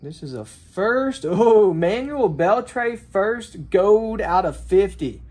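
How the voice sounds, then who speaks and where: A man giving excited pack-opening commentary with a high, lively voice. His pitch leaps around as he bursts into exclamations at each card, then settles into quick remarks about what he pulled. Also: breathy edge. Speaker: card collector opening packs.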